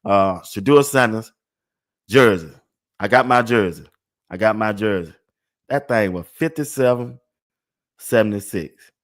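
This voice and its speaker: A man's voice: on the low side, unhurried, long pauses. An older man hosting a casual sports talk livestream. He laughs often and repeats phrases over and over. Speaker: sports talk show host.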